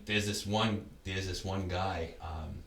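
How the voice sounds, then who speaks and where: A man's voice: deep voice, steady tone, slow, a bit bright, reverberant, distant mic, a little hiss or hum. A man talking as a podcast guest in casual conversation, rambling and often restarting his words. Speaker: podcast guest, ultra race runner.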